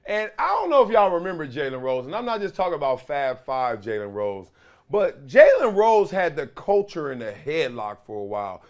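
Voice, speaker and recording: A middle-aged man hosting his own show, telling stories in a lively commentary monologue and acting out quotes of other people. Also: fairly high pitch, moderate pace. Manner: storytelling with acted-out quotes of teammates. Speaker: show host.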